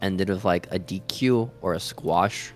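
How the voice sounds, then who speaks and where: A man's voice: deep voice, a little slow. A man co-hosting a podcast in casual chat, with playful, jokey banter. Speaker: podcast co-host.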